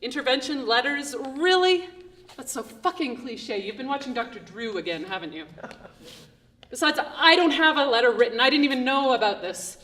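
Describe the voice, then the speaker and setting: A woman's voice: high voice, lively intonation, moderate pace, fairly bright tone, distant mic. A woman performing a theatrical monologue, addressing God in a raw, angry, confessional way on a live stage.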